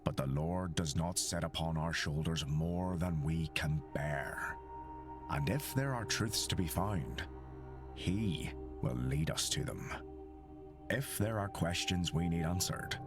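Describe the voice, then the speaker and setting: An actor playing a stern middle-aged reverend who delivers a solemn sermon in a measured, admonishing manner. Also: male voice, a bass voice, heavily acted. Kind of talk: solemn game voice acting, sermon.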